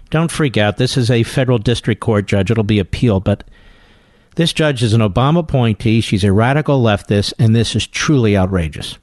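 A man hosting a talk radio show, delivering an emphatic, combative monologue and slowing down to hammer his points home. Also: fairly low pitch, a little mellow, no room sound, clean studio sound.

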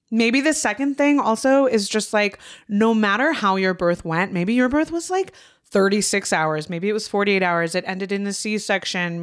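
A woman's voice: medium pitch, clean tone. A woman co-hosting a casual podcast, earnest and heartfelt, swearing freely. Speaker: podcast co-host.

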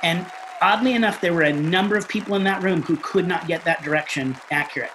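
A man telling a story in casual conversation, animated and acting out the quotes as he goes. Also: high-pitched, quick pace, noisy background. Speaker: guest.

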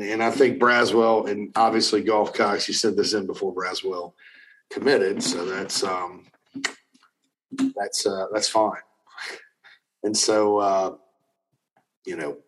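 A man's voice: on the low side, low-quality recording. A middle-aged man hosting a casual talk show, answering viewer questions in a rambling way with many restarts and fillers. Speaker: recruiting analyst host.

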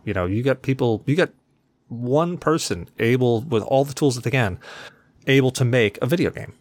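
A man's voice: medium pitch, no room sound. A man hosting a podcast alone, rambling in a casual, self-deprecating way and swearing freely. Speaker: podcast host. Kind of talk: casual solo podcast chat.

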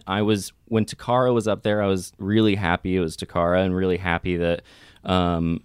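A man's voice: low voice, flat delivery, fairly quick, clean tone, dry recording, clean studio sound. A man co-hosting a podcast, talking in an earnest, reflective way that rambles loosely with fillers. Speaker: podcast co-host. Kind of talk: casual podcast chat.

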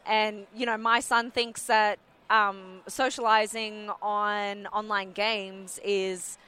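A woman's voice: medium pitch, level tone, takes it slowly, sharp tone, smooth. A chatty woman in her forties with an Australian accent, talking as a guest in a casual interview and rambling with lots of fillers.

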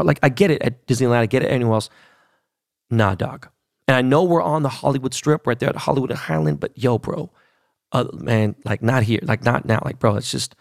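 A man's voice: medium pitch, vocal fry, dry recording, clean studio sound. A man, hosting a podcast and telling a story in a casual, profane, slangy rant. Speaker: podcast host.

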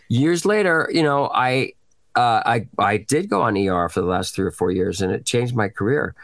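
Animated man in his fifties telling stories. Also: on the low side, no room sound. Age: 50s. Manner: animated storyteller, acts out quotes, swears freely. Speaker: actor guest. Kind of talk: casual podcast chat.

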